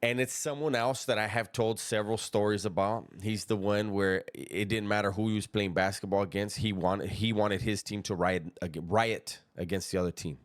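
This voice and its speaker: A man telling a prison story in a relaxed, slangy, conversational way, chuckling at his own tale and dropping low and hushed on asides. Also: moderate pace, few pauses, no room sound, studio quality. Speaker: storyteller recounting prison life. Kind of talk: casual spoken storytelling.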